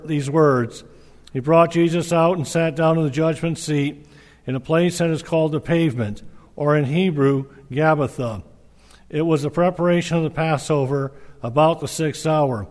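A man reads scripture aloud at a measured, earnest pace, his voice fairly high for a man. A long reverb from the hall follows every line. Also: steady tone. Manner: measured, earnest, with small slips. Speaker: scripture reader. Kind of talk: scripture reading.

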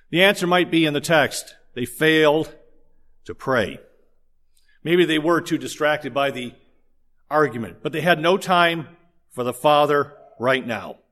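A man preaching a sermon, telling stories in an animated way and joking with the congregation. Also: on the high side. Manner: animated storytelling with jokes to the congregation. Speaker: pastor.

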